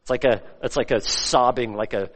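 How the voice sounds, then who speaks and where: A male pastor preaching a sermon, swinging between loud, rising emphasis and soft, hushed lines. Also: mid-range voice, normal speed. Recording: long hall reverb.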